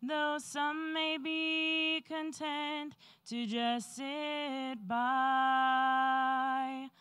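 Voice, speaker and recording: A woman singing a slow gospel solo in church, soaring on the refrain. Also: sits high, little pitch movement, pushed and bright, faint music behind. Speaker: church soloist. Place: church sanctuary.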